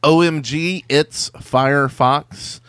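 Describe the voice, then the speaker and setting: A man co-hosting a podcast, joking with guests and quickly reading sponsor plugs. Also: a little high, steady tone, a bit bright, clean tone. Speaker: podcast co-host. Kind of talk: casual podcast chat, sponsor reads.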